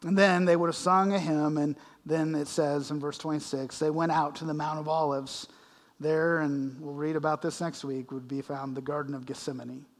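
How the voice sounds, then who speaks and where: A man's voice: on the high side, steady tone, moderate pace. A male pastor preaching, explaining scripture verse by verse and acting out the quoted lines with emphasis. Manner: expository preaching with dramatic readings of scripture. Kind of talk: sermon. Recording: long reverb of a large hall.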